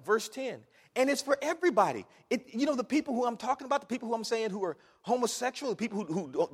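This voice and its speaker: Male preacher, high voice, dynamic delivery from whisper to shout, long church-hall reverb. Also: lively intonation, fast, few pauses, husky. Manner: dynamic, swings from hushed whispers to loud exhortation. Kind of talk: sermon.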